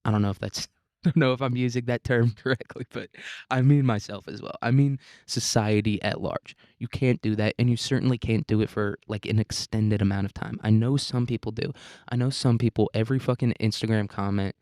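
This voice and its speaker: A man with a fairly low voice, recorded dry and close with no room sound. He talks as the host of a solo podcast, rambling and swearing freely. He mocks himself and breaks into laughter often. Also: steady tone, a little fast, a little mellow, no echo. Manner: rambling, profane, self-mocking, laughs often. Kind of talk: casual solo podcast monologue.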